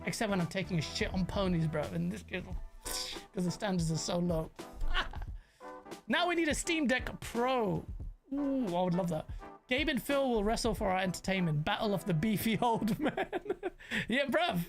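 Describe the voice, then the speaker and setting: A young British man with London slang, hosting a casual gaming reaction stream, animated and rambling as he banters with his chat. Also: sits high, moderate pace, soft background music. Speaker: gaming commentator host.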